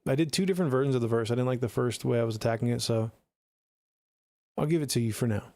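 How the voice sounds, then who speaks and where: A man's voice: mid-range voice, fast talker, mellow, no echo, clean studio sound. A man streaming live as a music producer, chatting casually and answering his viewers' messages by name. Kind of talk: casual livestream chat.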